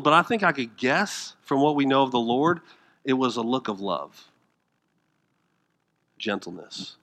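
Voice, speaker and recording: A man preaching a sermon as pastor, dramatic, rising to loud emphasis, then dropping to hushed tones, asking the congregation questions and acting out the quoted lines. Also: mid-range voice.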